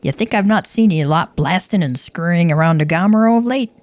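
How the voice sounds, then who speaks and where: Woman voicing a male commander, game, gruff, blunt, scornful, lowered voice, dry sound. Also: expressive, brisk, a little mellow, dry recording, close to an everyday voice. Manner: blunt and scornful, old-fashioned speech.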